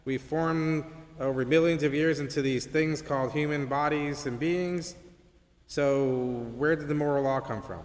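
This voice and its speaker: A man teaches an apologetics class in a conversational way and keeps checking in with his listeners. His voice sits a bit higher than usual for a man. The sound carries a long reverb from a large church hall. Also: fairly even intonation, a little slow. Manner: conversational, keeps asking "right?".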